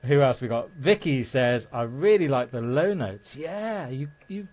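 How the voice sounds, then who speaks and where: A man's voice: medium pitch, lively intonation, unhurried, a little mellow. A male host of a live show, reading out viewer comments and bantering with an upbeat manner.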